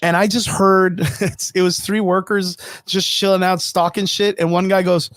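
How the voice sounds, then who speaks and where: A man's voice: high voice, little pitch movement, moderate pace, fairly bright tone, dry recording, studio quality. A man hosting a casual live stream, rambling loosely with lots of fillers and frequent swearing. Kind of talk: casual chat. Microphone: home streaming setup.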